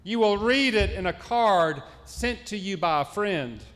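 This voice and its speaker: A man with a high voice preaches an Easter sermon at an unhurried pace, building his points through rhythmic repetition. His words ring out with the long reverb of a church sanctuary. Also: lively intonation, fairly bright tone. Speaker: pastor.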